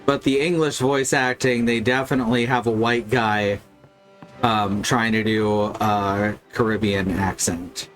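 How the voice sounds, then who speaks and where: Slow, wry male game streamer. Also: lowish voice, steady tone, a bit bright, faint music behind. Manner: casual, wry, critical. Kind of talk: live game commentary.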